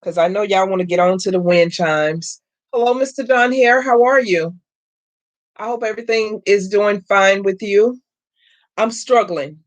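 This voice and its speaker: This middle-aged woman has a mid-range voice, a steady tone and a moderate pace. As host of a craft channel, she chats casually with live-stream viewers while crafting, saying "y'all" and greeting chat members by name.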